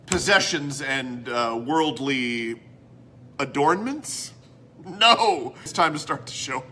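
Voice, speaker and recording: Bright, animated man from Canada hosting a comedy show, loud bits and mumbled asides. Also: medium pitch, slow, slight background noise. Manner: theatrical, self-mocking, swings between loud and mumbled. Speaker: host. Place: indoor room.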